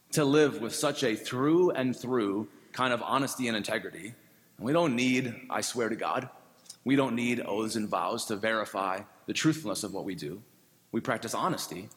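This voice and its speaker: A man preaching a sermon in a conversational, gently humorous way. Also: medium pitch. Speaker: pastor. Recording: long reverb.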